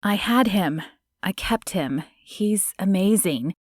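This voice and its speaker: A woman narrator voicing a guarded young single mother in a romance audiobook, speaking softly and hesitantly. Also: mid-range voice, expressive, takes it slowly, no echo, studio quality. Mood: tearful. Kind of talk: audiobook character voice.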